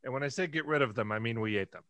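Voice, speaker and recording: A man's voice: mid-range voice, rapid-fire, fairly bright tone, highs cut off, slight background noise. A man co-hosting a comedy podcast, telling a story in casual chat with a self-deprecating, laughing manner. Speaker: podcast co-host.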